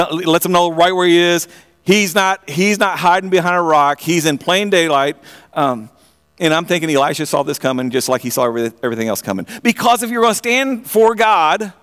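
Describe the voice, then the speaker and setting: High-voiced man preaching an animated sermon. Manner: animated storytelling with frequent repeated starts; asks the audience direct questions.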